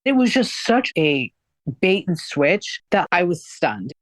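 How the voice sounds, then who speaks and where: Low-voiced woman telling her story candidly. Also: very animated, slow pace, no room sound. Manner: conversational, frequent "like" fillers, acts out quoted dialogue. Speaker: guest recounting her experience.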